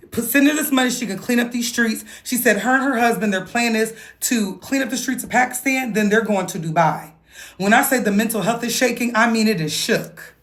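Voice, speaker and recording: A woman talking through a viral news story in a playful, animated gossip style, with exclamations and laughter. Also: on the high side. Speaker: vlogger. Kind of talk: casual gossip commentary.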